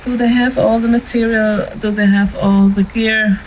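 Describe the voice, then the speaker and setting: A woman's voice: a little high, level tone, moderate pace, darkish tone, slight background noise, rough recording. Woman giving practical filmmaking advice. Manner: practical and conversational, with light laughs and filler ums. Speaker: filmmaking instructor. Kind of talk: casual instructional talk to camera.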